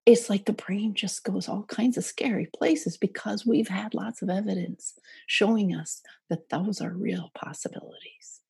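A woman's voice: mid-range voice, a little slow, creaky, a little mellow, slightly rough, no echo. A middle-aged woman, a parent coach, answering interview questions earnestly and sometimes sinking to a near whisper. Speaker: parent coach for eating disorder families. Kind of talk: podcast interview.

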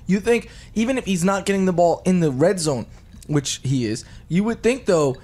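A man's voice: sits high, animated, moderate pace, darkish tone. A man with a somewhat raised voice talks through his football analysis. He builds his points step by step in long runs. The tone stays easy and conversational. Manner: thinks aloud in long, reasoned runs. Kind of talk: casual sports chat.

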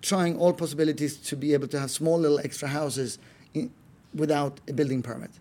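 A man with a Swedish accent chatting casually, fond of rambling anecdotes and jokes. His voice sits a little high for a man. He drifts between topics and keeps the stories loose. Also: fairly even intonation, fairly quick, warm tone. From Sweden. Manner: storytelling, joking, mimics regional accents. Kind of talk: casual chat.

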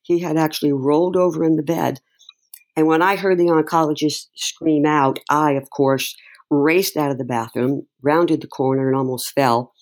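In an interview, a middle-aged woman haltingly recounts something personal, her emotion showing through many restarts. Her pitch is extremely low and her tone darkish.

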